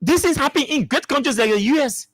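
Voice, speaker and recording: A man's voice: extremely high pitch, lively intonation, fast, no echo, clean studio sound. A man with a Liberian English accent hosts a talk show, giving emphatic political commentary full of repeated rhetorical questions.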